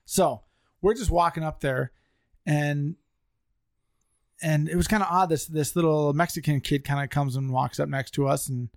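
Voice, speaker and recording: Clean, dry studio sound captures a podcast co-host whose voice sits on the high side, speaking at normal speed. He laughs while animatedly telling a funny story during casual chat with friends.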